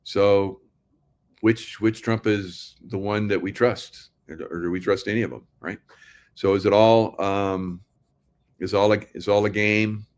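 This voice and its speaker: Male vlogger, low-ish voice, loose rambling sarcastic monologue with frequent laughs. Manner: rambling, sarcastic, laughs often, talks to "guys". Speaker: political commentary vlogger. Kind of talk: casual monologue to viewers.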